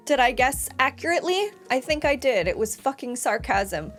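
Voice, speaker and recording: A woman's voice: high voice, big pitch swings, normal speed, hardly any pauses, fairly bright tone. A woman talks through an anime episode in casual reaction commentary. She is earnest and emotional and often sighs or exclaims. Faint music plays under her voice.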